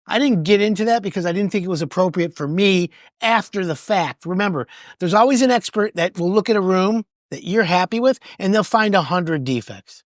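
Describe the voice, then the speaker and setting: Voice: mid-range voice, lively intonation, fairly quick, dry recording. Podcast host talking home reno tips, voice jumps up and down a lot, dry close sound, chatty, repeats himself sometimes. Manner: conversational, repeats words, acts out both sides of conversations. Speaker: podcast host giving home improvement advice. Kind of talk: casual advice talk.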